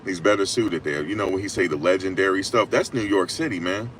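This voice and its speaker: A man giving casual, emphatic sports talk on a live stream, repeating his points and rising to loud peaks. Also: low-pitched, a little fast, a little hiss or hum. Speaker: sports commentator.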